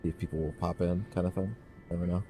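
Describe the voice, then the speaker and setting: A man's voice: sits low, level tone, fast, dark tone, faint music behind. A man casually commenting as he streams a game, rambling and often restarting his phrases.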